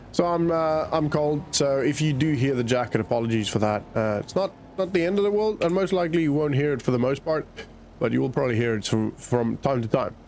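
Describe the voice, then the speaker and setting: A man's voice: medium pitch, a little mellow, slight background noise. Man rambling over farming gameplay. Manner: rambling, thinking aloud. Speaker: gaming channel host. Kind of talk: casual gameplay commentary. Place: cold home office.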